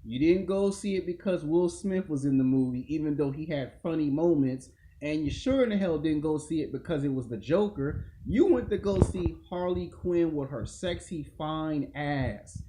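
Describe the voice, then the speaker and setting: A man with a fairly high voice and a dark, mellow tone, ranting casually and crudely to his online audience. He rambles loosely and repeats himself, heavy on slang and cussing, with a faint hiss of noise behind him. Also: animated, normal speed. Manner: crude, slangy, repetitive rant. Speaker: YouTube show host.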